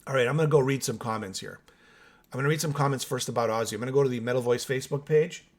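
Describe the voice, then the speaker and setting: A man's voice: medium pitch, rapid-fire. A man hosting a casual metal music podcast, giving opinionated takes and talking straight to his viewers. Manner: opinionated, chatty, addresses viewers directly. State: still waking up with coffee. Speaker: host of a metal music channel. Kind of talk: casual solo podcast reacting and reading comments.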